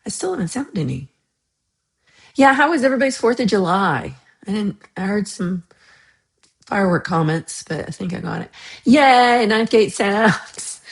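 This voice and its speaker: A woman's voice: on the low side, vocal fry. An American woman hosting a casual livestream, reading chat comments, laughing often and trailing off into mumbles. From United States. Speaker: livestream host.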